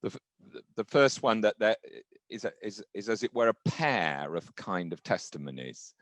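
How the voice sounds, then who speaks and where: Low-voiced hesitant male professor moderator. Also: sing-song, normal speed, fairly bright tone, no echo. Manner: hesitant, searching phrasing with restarts. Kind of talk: panel discussion questions.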